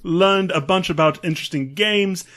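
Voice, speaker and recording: A man's voice: sits high, moderate pace, fairly bright tone. A man voicing a vampire count with a wandering put-on accent, punctuating his reading with "ah, ah, ah". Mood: hammy. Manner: punctuates lines with a laughing "ah, ah, ah".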